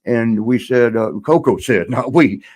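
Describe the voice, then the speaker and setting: A man's voice: medium pitch, unhurried, a little mellow. An older man, a guest in a shoot interview, telling a rambling story and laughing now and then.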